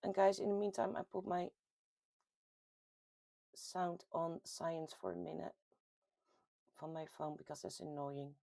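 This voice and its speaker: A woman from the Netherlands with a Dutch accent hosts a casual livestream, reading out viewer comments in a chatty, giggly way with sudden lively jumps in pitch. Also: a little slow, gravelly, pauses often, no room sound. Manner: chatty and giggly, with frequent laughs and ums. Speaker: host of a paranormal community livestream.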